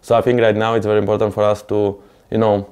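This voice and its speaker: A man, an esports team player, speaking in a measured way in a documentary interview, often saying "you know". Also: fairly low pitch, level tone, darkish tone, smooth.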